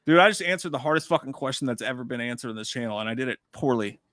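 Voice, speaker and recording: A man's voice: medium pitch, animated, rapid-fire, fairly bright tone, no echo. A man co-hosting a casual livestream, swearing freely and rattling off answers in a frantic, self-deprecating way. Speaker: podcast co-host.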